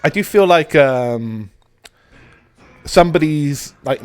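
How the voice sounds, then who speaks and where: Hoarse, stuffy man chatting on stream. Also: a little high, animated, slow, soft background music. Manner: rambling, with restarts, swearing and laughs. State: stuffy nose after a cold. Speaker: live streamer hosting a retro game stream. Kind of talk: casual live-stream chat.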